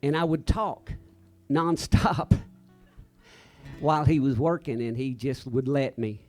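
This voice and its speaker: A singer-songwriter man telling a story to a live audience in a chatty, animated way, acting out the people in it. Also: medium pitch, takes it slowly, faint music behind. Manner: chatty, animated, acts out the quoted voices. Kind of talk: casual onstage storytelling. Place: live stage.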